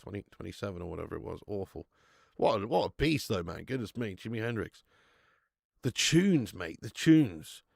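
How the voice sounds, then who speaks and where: Gravelly, sweary bloke hosting a watch-along. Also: male voice, low voice, lively intonation, quick pace, dry recording, clean studio sound. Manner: sweary, laughing banter with chat. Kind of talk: live football watch-along chat with viewers.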